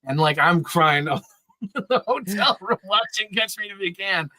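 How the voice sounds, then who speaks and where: A man's voice: high voice, lively intonation, measured pace, pushed and bright, dry recording, low-quality recording. A man in his thirties telling casual, rambling stories on a podcast, laughing often and swearing freely. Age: 30s. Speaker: podcast regular. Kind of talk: casual storytelling chat.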